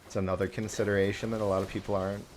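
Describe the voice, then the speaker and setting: Low-voiced man asking short questions. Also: level tone, racing, a crowd in the background. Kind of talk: casual stream chat.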